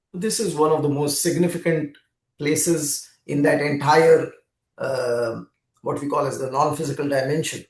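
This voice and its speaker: A man gives an earnest spiritual talk and walks the listener through a story in a direct, guiding way. His voice is a little high for a man. The room adds a clear echo around him. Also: a little mellow. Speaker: spiritual speaker and regression therapist. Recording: roomy echo.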